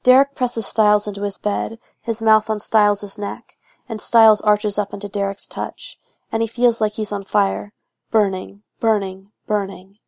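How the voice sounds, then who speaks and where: A woman narrating a fan fiction audiobook in a steady, even reading voice. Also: mid-range voice, moderate pace, gravelly, dry recording, studio quality.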